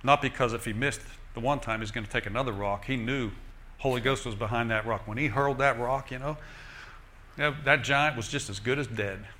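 Lively male preacher, folksy, joking, bright tone. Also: medium pitch, fairly quick, a little hiss or hum. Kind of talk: sermon.

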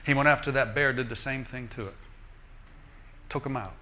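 A man preaching a sermon in a lively, folksy way, joking and asking the crowd "Amen?". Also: mid-range voice, normal speed.

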